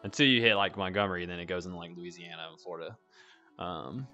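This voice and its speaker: Southern man host, lowish bright voice, laughs easily, slightly muffled mix. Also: fast, faint music behind. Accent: Southern US (North Alabama). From North Alabama, US. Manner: laughs often, animated swings of loudness. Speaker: podcast host, club owner. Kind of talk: casual chat.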